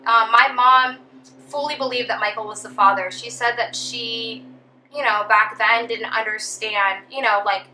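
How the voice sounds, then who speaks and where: A woman's voice: a little high, pushed and bright, echoey room, a little hiss or hum, rough recording. A young woman casually telling a personal story as a vlogger, chatty with lots of ums and you knows.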